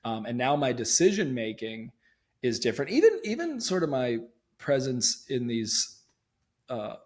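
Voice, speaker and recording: A man hosting a podcast in casual conversation, relaxed and jokey, laughing often and chiming in with quick affirmations. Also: mid-range voice. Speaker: podcast host.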